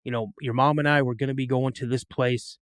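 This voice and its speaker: A man voicing a gruff, strict middle-aged farmer father who scolds bluntly. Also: mid-range voice, fairly even intonation, fairly quick, dry recording, clean studio sound, natural voice. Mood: stern warning.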